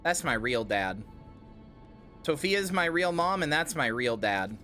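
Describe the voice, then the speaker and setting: A man's voice: on the high side, sing-song, a little slow, pushed and bright. A game streamer doing casual livestream commentary, playful and rambling, often addressing his chat. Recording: faint music behind.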